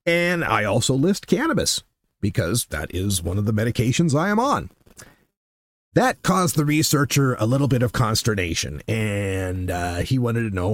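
A man hosting a casual solo podcast, telling stories in an animated way and acting out what people said. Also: mid-range voice, moderate pace, dry recording, studio quality. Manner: animated storyteller who acts out quotes. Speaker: podcast host.

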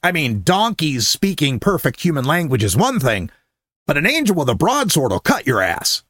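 Sarcastic, animated male storyteller. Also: normal speed, dry recording, studio quality. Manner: sarcastic, profane, swings pitch widely for jokes and quotes. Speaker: comedic storyteller. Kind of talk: sarcastic comedic retelling of a Bible story.

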